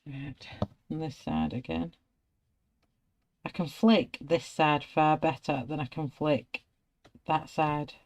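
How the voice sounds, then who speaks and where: A woman's voice: low voice, expressive, slow pace, long pauses, darkish tone. A middle-aged woman with a British accent, chatting casually and narrating her work as she colours. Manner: chatty, self-narrating, friendly. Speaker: colouring artist. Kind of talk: casual chat while colouring.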